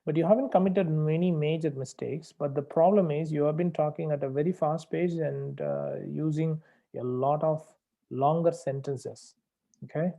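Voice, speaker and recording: A man working as an English test tutor, going over a student's mistakes and repeating the key advice slowly for emphasis. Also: on the high side, steady tone, vocal fry, mellow. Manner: corrective and repetitive, slows down to stress key phrases. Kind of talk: spoken feedback on a practice test.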